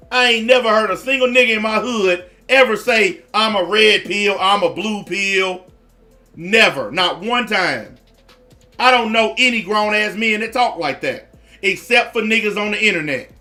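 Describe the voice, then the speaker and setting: A man's voice: high voice, sharp tone. A man giving blunt, profane reaction commentary in a repetitive rant.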